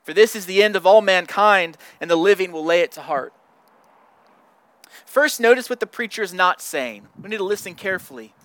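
High-voiced pastor preaching earnestly. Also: male voice, lively intonation, fairly quick, a bit bright, no echo. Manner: earnest, repeats words while searching for phrasing. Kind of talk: sermon.

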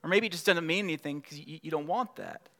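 A man's voice: a little high, fast talker, gravelly, pushed and bright. A middle-aged male pastor preaching a sermon in a conversational way, building to emphatic passages.

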